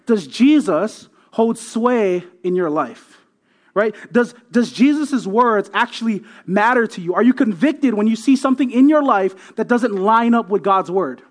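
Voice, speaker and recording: A man with a high-pitched, animated voice preaches a sermon as a pastor at a measured pace. He's emphatic, tags many points with "right?", and repeats words as he builds each point.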